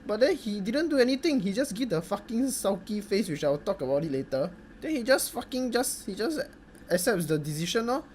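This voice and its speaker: A man's voice: sits high, very animated, fairly quick, slight background noise. A young Singaporean man with a Singaporean accent, giving a sweary, mocking comedic review full of Singlish slang. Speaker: video reviewer.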